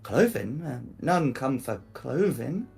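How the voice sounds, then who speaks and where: A man voicing a hooded woman with a soft, feminine voice in a tabletop game. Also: mid-range voice, big pitch swings, takes it slowly, gravelly, husky, soft background music, voice pushed up, heavily acted. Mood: disdainful.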